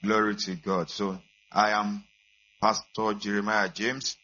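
Brief: male pastor, sermon delivery, bright and husky, dull lo-fi recording. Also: a little slow. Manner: builds from calm welcome to loud, high-pitched preaching.

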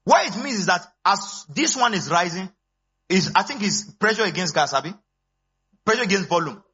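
A man, preaching a sermon as pastor, animated and swinging between low asides and high exclamations. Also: normal speed, husky, highs cut off. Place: church.

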